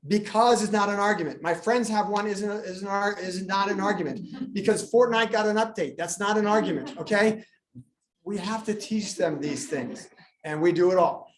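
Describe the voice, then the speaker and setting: In an echoey school meeting room, a school administrator speaks to parents at a moderate pace with a high-pitched voice. He tells amusing stories, cracks jokes and acts out his students with lively animation.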